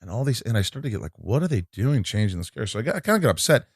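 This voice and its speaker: A man's voice: medium pitch, very animated, very fast, husky, no room sound, clean studio sound. A man, an actor, telling a long story in casual chat, acting out quotes and swearing freely. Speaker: actor guest.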